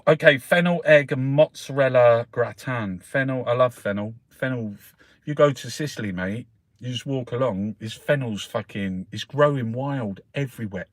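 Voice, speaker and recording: A man's voice: mid-range voice, normal speed, no room sound. A man from South London with a Cockney accent, rambling in a casual monologue, swearing constantly and calling the listener mate. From South London, England. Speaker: host reviewing the newspapers.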